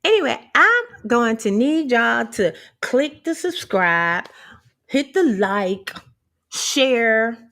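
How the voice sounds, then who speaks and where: A woman's voice: on the high side, very animated, slow, a bit bright. A middle-aged woman vlogging candidly about empowerment, sassy and profane, laughing often.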